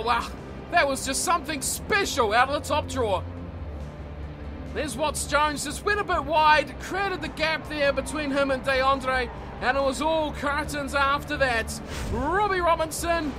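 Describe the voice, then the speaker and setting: A man giving rugby play-by-play commentary for a video game. He surges into shouts on big plays and settles down when he breaks them down. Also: extremely high pitch. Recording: game commentary over loud music.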